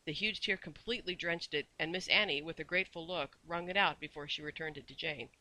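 A man narrating a children's storybook. His voice is very bright and sits a little high, and his storytelling is measured and expressive. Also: dry recording, rough recording. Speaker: audiobook narrator. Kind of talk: storybook reading.

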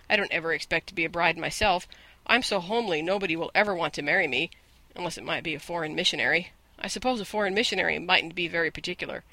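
A man's voice: high-pitched, bright, forceful tone, dry recording, rough recording. A man voicing an eager, imaginative eleven-year-old orphan girl who chatters on breathlessly in an audiobook. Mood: dreamy. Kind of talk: audiobook character voice.

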